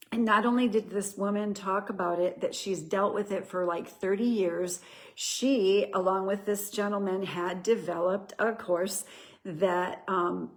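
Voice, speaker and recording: A woman's voice: medium pitch, fairly even intonation, measured pace. A middle-aged woman hosting a show, sharing a personal testimony in an earnest, conversational storytelling way. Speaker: host.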